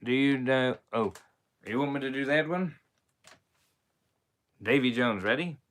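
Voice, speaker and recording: A man's voice: mid-range voice, measured pace, a bit bright. A man impersonating a swaggering, rum-loving male pirate captain, chatting on a live stream in playful mock pirate talk. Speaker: character impersonator. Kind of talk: live stream chat in character.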